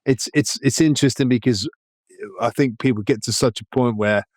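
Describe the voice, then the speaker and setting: A man hosting a podcast interview, asking calm and empathetic questions. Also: mid-range voice, brisk, dry recording, clean studio sound. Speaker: podcast host. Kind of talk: interview conversation.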